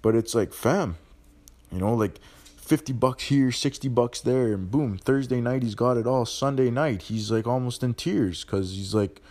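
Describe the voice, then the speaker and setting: A man's voice: mid-range voice, moderate pace. A young man hosting a podcast, ranting bluntly in profane street slang. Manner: animated, ranting. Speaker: podcast host. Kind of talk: casual monologue.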